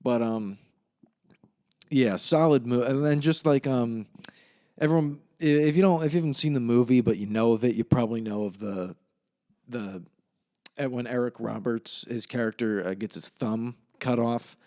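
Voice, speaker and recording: A man's voice: medium pitch, normal speed, warm tone. A young man hosting a casual solo podcast, rambling and swearing as he retells a film. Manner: rambling, profane, laughs at his own retelling. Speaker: podcast host.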